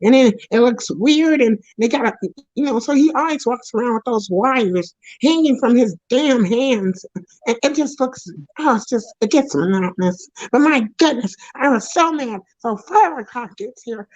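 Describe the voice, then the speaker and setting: A woman plays a jealous male puppet character, a foul-mouthed loudmouth who rambles in an indignant, high-pitched rant. The voice sits well above the usual range. The recording is dull and dry, with no room sound. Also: expressive, normal speed, no echo. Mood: bitter ranting. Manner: profane, rambling, indignant ranting with frequent restarts. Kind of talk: comedic character monologue.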